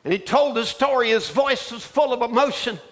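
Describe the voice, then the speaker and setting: High-voiced, fervent male preacher. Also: brisk. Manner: storytelling that builds into fervent shouting. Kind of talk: sermon.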